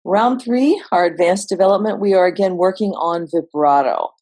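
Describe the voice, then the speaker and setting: A woman vocal coach explaining singing exercises in a relaxed, instructional way. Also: on the low side, normal speed. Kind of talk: instructional voice lesson.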